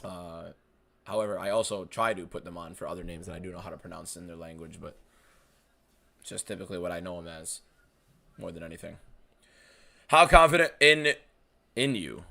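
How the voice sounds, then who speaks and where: American male streamer, lowish voice with a bright, forceful edge, blunt and offhand with chat. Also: a little fast, creaky, long pauses. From United States. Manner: blunt, swears freely, answers chat questions offhandedly. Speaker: streamer hosting a fight watchalong. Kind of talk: casual live-stream chat, reading viewer questions.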